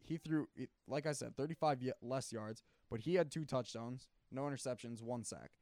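A man in a casual sports debate who is losing his voice, animated, often clearing his throat and restarting his sentences. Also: mid-range voice, moderate pace, no room sound. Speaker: sports talk co-host.

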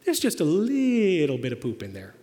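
A man's voice: a little high, wildly swooping pitch, moderate pace, dark tone. A man voicing a sly, firm mother who coaxes her son in a teasing way. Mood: coaxing. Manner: coaxing, teasing. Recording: long hall reverb.

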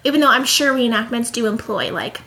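A woman's voice: fairly high pitch, a little fast, pushed and bright. A young woman co-hosting a casual podcast chat, playful and gushing, with jokey slang. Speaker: podcast co-host.

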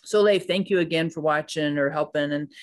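A man's voice: fairly high pitch, brisk. A man hosting a faith podcast, upbeat and enthusiastic as he chats with a guest. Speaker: podcast host.

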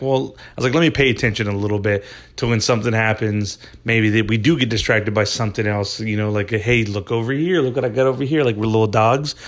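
Rambling, profane man telling a story. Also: medium pitch. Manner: rambling, profane, animated storytelling with many fillers. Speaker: podcast host. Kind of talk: casual storytelling chat.

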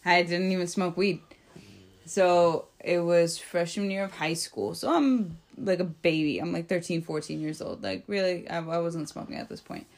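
A young adult woman spinning a funny story in loose, profane conversation. Her voice sits a little low for a woman. She talks in a laid-back way and laughs as she goes. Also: steady tone, moderate pace. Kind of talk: casual storytelling chat.

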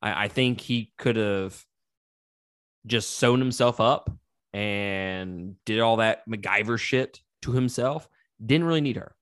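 A man's voice: on the low side, slow pace, clean tone, no room sound, clean studio sound. A man co-hosting a casual movie review podcast, swearing freely and laughing often. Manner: profane, animated, laughs often. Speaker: podcast co-host.

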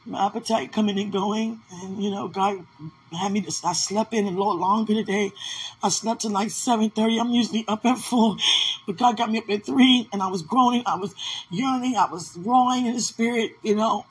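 A woman speaks in an emotional, spontaneous monologue at home in her apartment, fervent and overwhelmed. Her voice sits at a middle pitch, broken by weeping and repeated moaning cries to God, with a faint hum of noise behind her. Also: steady tone, fairly quick, poor audio. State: weepy, intermittently crying. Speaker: vlogger sharing a spiritual experience.

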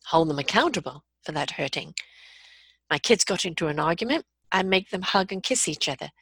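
A middle-aged woman telling a personal story and giving calm, earnest life advice. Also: fairly low pitch, husky, no echo. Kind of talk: motivational talk with personal story.

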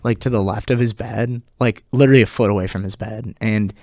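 A man's voice: fairly low pitch, brisk, no room sound. Young male co-host, easygoing, filler-heavy, dry studio sound. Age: young adult. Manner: relaxed, filler-heavy, laughs often. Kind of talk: casual chat. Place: college radio studio.

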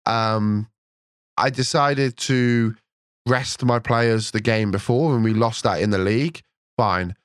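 A man co-hosting a podcast, chatting and telling a long story with excited energy. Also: mid-range voice, slow pace, clear, resonant tone, no room sound, studio quality. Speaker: podcast co-host. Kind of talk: casual podcast chat.

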